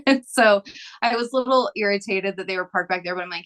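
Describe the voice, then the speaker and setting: A woman's voice: mid-range voice, a little fast, fairly bright tone. A young adult woman, a massage therapist, telling a story casually as a podcast guest, rambling with lots of filler words.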